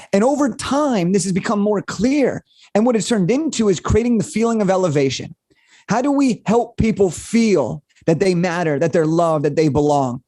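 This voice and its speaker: Energetic young man telling a story. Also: high voice, no echo, studio quality. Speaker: guest. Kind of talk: storytelling interview answer.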